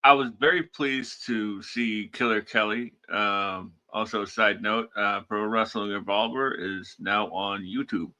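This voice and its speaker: A man co-hosting a wrestling podcast, chatting in a relaxed, halting way with lots of fillers. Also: fairly low pitch. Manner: relaxed, halting, many fillers, laughs along. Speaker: podcast co-host. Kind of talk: casual wrestling chat.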